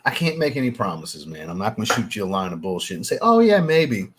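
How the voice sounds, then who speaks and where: A man's voice: sits low, big pitch swings, fast talker, fairly bright tone, slightly rough. A man hosting a casual livestream, chatting with viewers and thanking them, laid-back and swearing now and then. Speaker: livestream host, fragrance reviewer. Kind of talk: casual livestream chat reading super chats.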